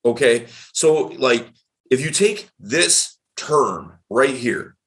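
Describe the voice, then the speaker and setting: A middle-aged man hosting a casual podcast, his pitch leaping around with lots of energy. The tone is bright and forward, and he leans hard on key words. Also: slow. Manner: animated, emphatic, varied tonality. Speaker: dating coach, podcast host.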